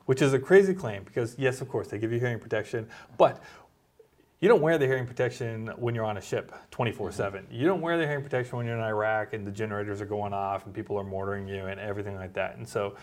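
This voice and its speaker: A man, a doctor co-hosting a casual medical chat, talking in a relaxed, halting way with many fillers. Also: on the low side. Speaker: doctor and co-host.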